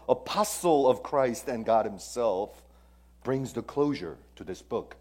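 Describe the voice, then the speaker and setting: Emphatic male preacher with hushed asides. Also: medium pitch, animated, a little slow. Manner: emphatic, swings between loud stresses and hushed near-whispers; asks the congregation questions. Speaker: pastor. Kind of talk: sermon.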